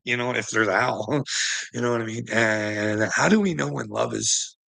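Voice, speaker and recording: A man's voice: medium pitch, moderate pace, creaky, sharp tone. A man ranting casually on a livestream, swearing freely, laughing often and calling his viewers "bud".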